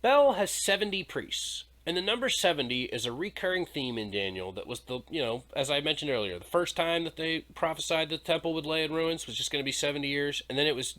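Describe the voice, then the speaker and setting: A man's voice: a little high, animated, fairly quick, hardly any pauses, sharp tone. A male podcast host in a casual, irreverent discussion who jokes around and swears freely.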